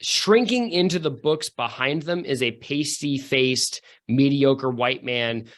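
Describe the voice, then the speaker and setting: A man's voice: medium pitch, takes it slowly, a bit bright. Rambling male game master. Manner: rambling, many fillers, self-mocking. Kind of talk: casual tabletop game narration.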